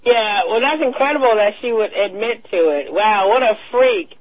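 A woman co-hosting a talk radio show, in casual political chat that is animated and slangy. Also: medium pitch, normal speed, slightly rough. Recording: dull lo-fi radio sound.

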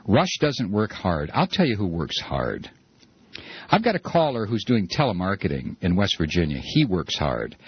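A man's voice: sits low, huge pitch swings, normal speed, husky, no room sound. A man hosting a call-in talk radio show, ranting in repeated build-ups. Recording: dull broadcast audio.

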